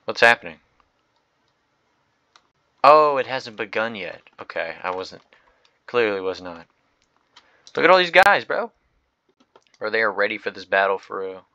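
A young man narrating a game as he watches it, excitable and slangy, jumping from loud shouts to quiet muttering. His voice sits fairly low but has a bright, forceful edge. The recording is dull and lo-fi. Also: unhurried, pauses often, dry recording. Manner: excitable, slangy, reactive, swings from loud outbursts to mumbled asides. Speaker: gaming video host. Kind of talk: live gameplay commentary.

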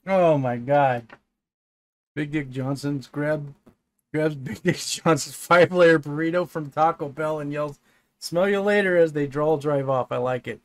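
Man, high voice, slow-paced, casual gaming chat, laughs a lot, swears, dry close mic. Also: dry recording. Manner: laughs often, swears casually, reads game text aloud. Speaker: co-host playing a text adventure. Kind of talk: casual gaming chat, reading story aloud.

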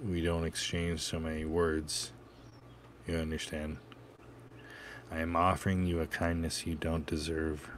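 Man doing a cold, threatening vigilante, very low voice, slow and pointed, audiobook read. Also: slight background noise. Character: cold menacing male vigilante, calm and threatening.

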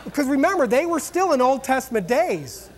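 Animated folksy male pastor preaching. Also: very high voice, fairly quick, some chatter behind. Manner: animated storytelling with exclamations; conversational, folksy and humorous. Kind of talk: sermon.

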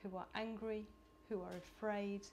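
Middle-aged british woman talking to a conference crowd, animated, laughs a lot, bit of faint hiss. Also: medium pitch, normal speed. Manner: warm, animated, laughing asides. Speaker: speaker at a conference. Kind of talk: conference talk. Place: conference hall.

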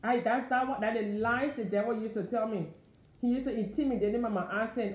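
A woman's voice: mid-range voice, fast, roomy sound, phone-quality sound. A woman with a Liberian accent giving an informal, fervent sermon from her dining room, repeating her urgings. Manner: fervent, repetitive exhortation. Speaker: Christian encourager.

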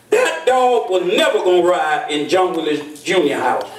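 High-voiced older preacher, echoey church. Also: male voice, lively intonation, brisk, few pauses, distant mic. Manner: folksy storytelling, call-and-response with congregation. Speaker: bishop and pastor. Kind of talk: sermon.

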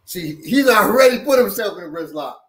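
A man teaching self-defense moves in a lively, joking manner, often repeating words as he demonstrates. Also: high-pitched, brisk. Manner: animated, jokey, repeats words. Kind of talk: hands-on demonstration.

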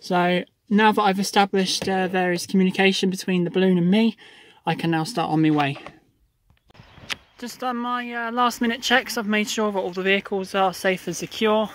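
A balloon retrieve driver giving a casual running commentary outdoors, explaining each step with frequent pauses. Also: medium pitch, fairly even intonation. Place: outdoors in a field and by a car.

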